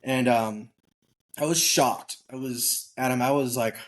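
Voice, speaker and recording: Guy on a podcast telling a war story, casual and blunt, mid-pitched voice, acts out what people said. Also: measured pace. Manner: animated storyteller who acts out quoted dialogue; candid, casual, occasionally swears. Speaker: podcast guest.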